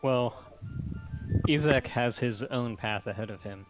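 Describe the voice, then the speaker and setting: A man's voice: medium pitch, measured pace, faint music behind. A man playing in a tabletop game who talks hesitantly, stopping to search for words. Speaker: player. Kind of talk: in-character tabletop play.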